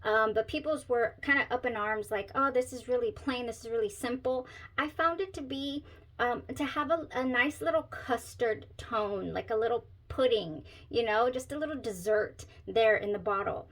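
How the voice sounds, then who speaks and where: A woman's voice: on the high side, animated, moderate pace, fairly bright tone, low-quality recording. A woman hosting a casual perfume review vlog, chatty and giggly, often trailing off into searching asides. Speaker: perfume reviewer, channel host.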